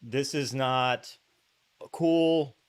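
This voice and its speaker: Male podcast host, casual storyteller, mid pitch, chatty with many asides. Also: very slow, clear, resonant tone. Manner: animated anecdote-telling, full of fillers and asides.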